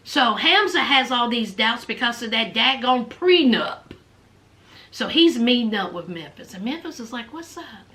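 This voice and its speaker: A woman's voice: on the high side, lively intonation, a little slow, sharp tone. A woman chatting casually as she recaps a reality show in a sassy storytelling manner. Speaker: vlogger.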